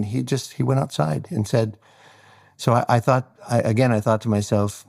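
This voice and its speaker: A man's voice: medium pitch, normal speed, creaky. A man, a hairstylist guest on an interview podcast, telling stories and acting out the voices of the people in them. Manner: animated storyteller acting out quoted voices. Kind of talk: storytelling interview.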